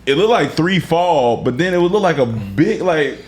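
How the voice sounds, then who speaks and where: Excitable podcast host with a lively, swinging voice. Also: male voice, on the high side, moderate pace. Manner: excitable storyteller, laughs often, exclaims. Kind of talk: casual podcast banter.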